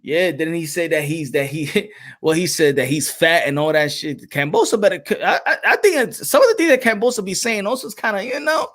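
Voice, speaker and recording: A man's voice: fairly high pitch, animated, a little fast, fairly bright tone. A man hosting a boxing podcast, blunt and profane in casual chat.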